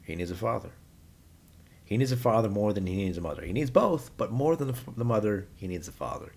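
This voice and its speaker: A man with a low voice speaks his mind bluntly in an unscripted vlog monologue. He rambles and circles back as he talks, restarting his sentences without polish. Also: lively intonation, fast, darkish tone, husky. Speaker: vlogger giving his opinions. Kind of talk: unscripted opinion monologue to camera.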